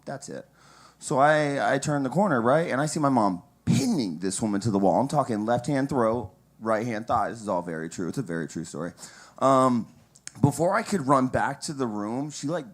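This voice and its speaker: Crude rambling young male stand-up comic. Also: mid-range voice. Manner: casual, crude, rambling with asides and laughs at own jokes. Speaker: stand-up comic at an open mic. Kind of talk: stand-up comedy set.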